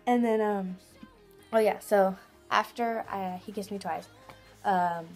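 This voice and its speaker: A woman's voice: mid-range voice, fairly even intonation, slow pace, a little mellow, soft background music. Giddy teenage girl gushing. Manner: giddy, gushing, lots of "like" fillers. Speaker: vlogger. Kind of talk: casual storytelling vlog.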